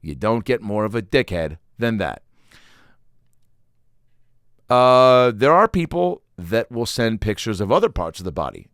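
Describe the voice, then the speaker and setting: This solo podcast host speaks in a fairly low voice, a little slowly, spinning animated, profane, self-deprecating comedic stories that ramble along. The casual monologue is captured at studio quality with no room sound.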